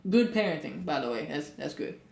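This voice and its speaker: A man co-hosting a casual podcast, telling stories and rising loud for punchlines. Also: a little high, lively intonation, fairly quick, creaky. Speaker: podcast co-host. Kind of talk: casual chat. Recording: echoey room.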